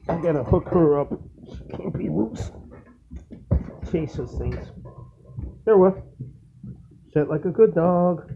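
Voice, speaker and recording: A man's voice: animated, takes it slowly, vocal fry, pauses often. Man talking to his dog, tinny phone sound. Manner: jumps to high coaxing tones when talking to his dog. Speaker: vlogger. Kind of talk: casual home vlog, talking to his dog. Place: doorway into a snowy, windy yard. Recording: tinny phone-like recording with faint noise. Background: faint wind noise.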